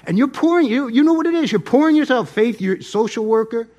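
Middle-aged man, pastor, high-pitched voice, sermon, loud then soft. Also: animated, fast. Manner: swings between loud emphasis and soft asides.

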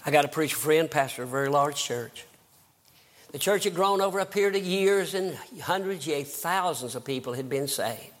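A man's voice: a little high, animated, moderate pace. An older man preaching a fervent sermon, telling his own conversion story and rising to emphatic outbursts. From American South. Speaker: evangelist preacher.

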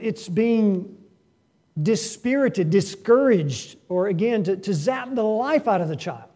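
Male pastor, fairly high voice, mellow tone, sermon delivery with loud surges. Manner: earnest preaching with sudden rises in pitch and loudness for emphasis; asks the congregation rhetorical questions.

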